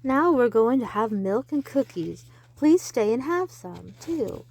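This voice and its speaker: A sweet little old lady from a children's storybook, calling out in a high, lilting voice that swoops up and down, as a woman reads her aloud. Her words are slow and drawn out. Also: very animated, vocal fry, darkish tone, exaggerated voice. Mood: cheerful. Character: kindly older lady neighbor, mistaken for a witch.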